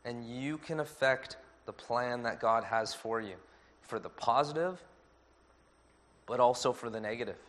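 Earnest male pastor preaching. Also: medium pitch. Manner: measured, earnest preaching with a lively anecdote. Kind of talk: sermon.

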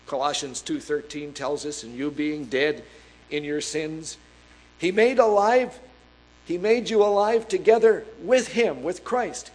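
Earnest preacher man, slightly high voice. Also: animated, low-quality recording. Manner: earnest preaching that reads scripture aloud; emphatic, slowing and stressing key words. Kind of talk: sermon.

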